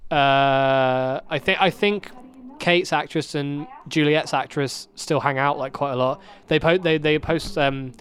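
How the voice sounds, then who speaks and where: A man co-hosting a casual podcast, chatting quickly with frequent restarts and laughs. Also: on the high side, fairly even intonation, a bit bright. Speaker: podcast co-host. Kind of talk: casual chat watching a show.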